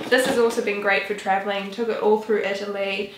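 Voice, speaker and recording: A woman's voice: mid-range voice, little pitch movement, a little fast, reverberant, a little hiss or hum. A woman in her twenties, chatting casually as a vlogger, rambling with lots of "like" and "um". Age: 20s. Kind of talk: casual chat.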